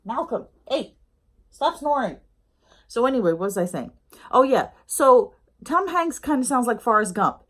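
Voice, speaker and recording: A woman's voice: a little high, big pitch swings, moderate pace, fairly bright tone. A middle-aged woman from the United States giving a casual review at home, chatty and rambling, with lots of ums and uhs. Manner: chatty, rambling, with many fillers. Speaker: YouTube reviewer. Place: home with a snoring pet dog nearby.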